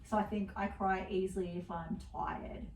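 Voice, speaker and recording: A middle-aged woman co-hosts a casual podcast, chatting about her day in rambling stories broken up by frequent laughs. Her voice is medium-pitched with fairly even intonation and normal speed, recorded on a roomy, distant mic with faint background hiss.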